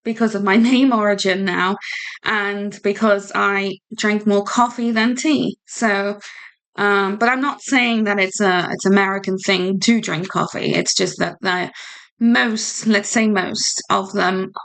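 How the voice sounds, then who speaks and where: Slow-talking chatty British woman. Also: medium pitch, fairly even intonation, a bit bright, clean tone. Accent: British English. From United Kingdom. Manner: chatty, rambling, giggly with many fillers. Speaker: livestream host. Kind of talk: casual livestream chat.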